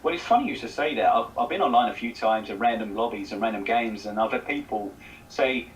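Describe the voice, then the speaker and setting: A man's voice: medium pitch, lively intonation, fast, far from the mic, a little hiss or hum, poor audio. Chatty South East English man, off-mic. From South East England. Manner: chatty, repeats his words as he talks. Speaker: guest. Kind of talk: casual chat.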